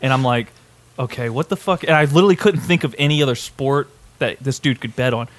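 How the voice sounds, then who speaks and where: A man's voice: medium pitch, fast talker. A man co-hosting a podcast, telling a long story in casual chat with lots of swearing and restarts. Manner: rambling, swears often, many restarts. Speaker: podcast co-host.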